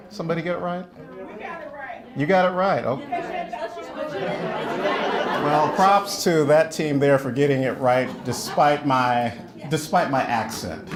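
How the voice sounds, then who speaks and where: Over a noisy crowd, a British man with a fairly high voice reads out spelling bee words and their definitions at an unhurried pace, pausing often. He jokes about his own accent in a self-deprecating, apologetic way.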